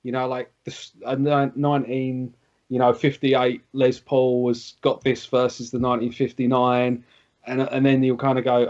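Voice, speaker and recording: A chatty man talking shop about guitars on a podcast, his pitch in the middle range for a man. He mocks himself as he geeks out about gear. The recording is muffled and lo-fi. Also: completely flat delivery, normal speed, a little mellow. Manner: chatty, self-mocking, geeky about gear. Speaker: guitarist guest. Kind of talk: casual podcast chat. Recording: dull lo-fi recording.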